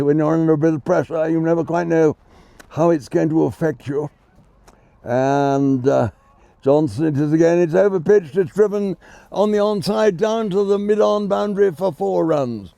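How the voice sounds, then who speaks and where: A man's voice: on the high side, creaky, dark tone, no echo. Genteel man on cricket commentary. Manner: genteel, chatty, self-deprecating. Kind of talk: live ball-by-ball commentary. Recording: dull lo-fi sound.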